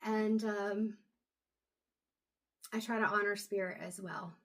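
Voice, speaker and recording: A woman doing an intuitive reading, talking to camera in a soft, halting way with many pauses and low energy. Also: fairly even intonation. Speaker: intuitive reader. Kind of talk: casual talk to camera.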